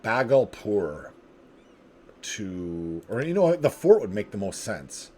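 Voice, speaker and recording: A man's voice: fairly low pitch, sing-song, slow, mellow, a little hiss or hum. A man hosting a strategy game video, casually thinking aloud, chuckling and talking to himself as he plays. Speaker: gaming video host.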